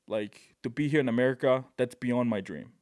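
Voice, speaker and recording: Male guest from Tonga, mid-range voice, lively anecdotes, dry podcast mic. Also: mid-range voice, a little fast, no room sound. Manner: animated, excitable, peppers speech with "right?" and "bro". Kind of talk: casual storytelling.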